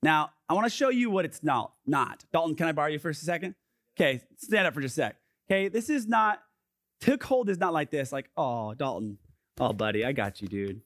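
A man in his thirties preaching as a youth pastor, casual and lively with lots of fillers, going soft and quiet when he reads scripture. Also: fairly high pitch, fairly quick. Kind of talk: sermon. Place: youth gathering.

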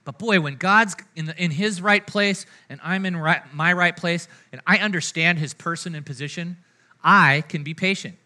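A man preaching a sermon in a casual, conversational way, often checking in with the congregation and moving between loud, energetic lines and hushed ones. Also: on the high side, normal speed. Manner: conversational preaching, frequent "right?" and "amen?" asides to the congregation. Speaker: pastor.

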